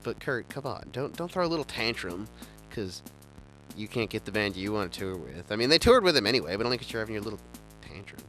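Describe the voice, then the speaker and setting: Rambling low-voiced man, lively and bright. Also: fast talker, soft background music. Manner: rambling, enthusiastic, stumbling restarts. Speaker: show host. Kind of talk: casual chat.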